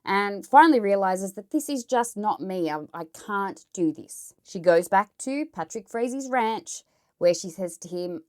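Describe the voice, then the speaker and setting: A woman's voice: mid-range voice, animated, measured pace, a little mellow. An Australian woman telling a true crime story in a casual, chatty way, blunt and swearing as she editorialises.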